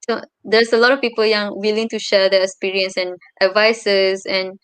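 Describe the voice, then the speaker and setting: A young woman with a Malaysian accent talks casually as a guest, stopping often to hunt for her next words. Her voice is smooth and clean at a middling pitch, recorded dry and close over a video call. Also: level tone, normal speed, a bit bright, no room sound. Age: young adult. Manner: hesitant, searching for words with many fillers. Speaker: interview guest, university student abroad. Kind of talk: casual chat.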